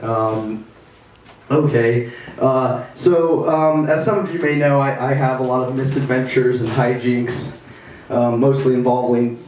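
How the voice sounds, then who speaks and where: A man's voice: mid-range voice, darkish tone, far from the mic, slight background noise. A rambling male stand-up comic in an echoey room. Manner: rambling, halting delivery with many fillers. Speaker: stand-up comedian. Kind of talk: stand-up set. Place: living room at a house party.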